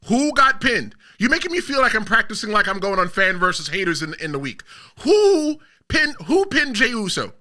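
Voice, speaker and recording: A man hosting a casual podcast, talking emphatically and cutting in on his co-hosts. His voice sits high and rings with a very bright, forceful edge. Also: sing-song, moderate pace. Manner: emphatic, talks over others, reads chat aloud. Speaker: podcast host and wrestler.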